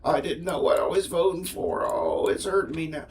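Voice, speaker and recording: A man voicing a whiny, pleading caricature of a Southern American man, in a high, breathy, half-whispered voice with a Southern accent. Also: moderate pace, darkish tone, distant mic. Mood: whining. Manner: whining and pleading.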